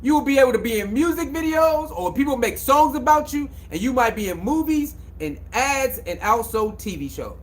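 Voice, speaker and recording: A man with a high voice talks in a casual sports commentary monologue. He is emphatic and repetitive and preaches a little, with lots of slang. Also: expressive, normal speed, hardly any pauses.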